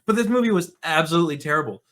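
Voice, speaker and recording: Sarcastic man with a higher voice. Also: animated, very fast, fairly bright tone. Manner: sarcastic, mocking. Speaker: movie commentary host. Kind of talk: casual commentary.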